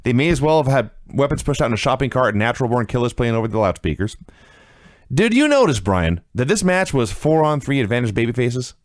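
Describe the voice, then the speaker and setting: A man co-hosts a casual podcast and recaps events with sarcastic, animated commentary. His voice sits at a middle pitch. The sound is dry and close, with no room echo. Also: fast talker. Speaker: podcast co-host reviewing wrestling.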